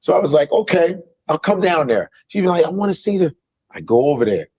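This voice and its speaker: Husky-voiced New man, animated storyteller, swears a lot. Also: a little high, fairly quick. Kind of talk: casual storytelling.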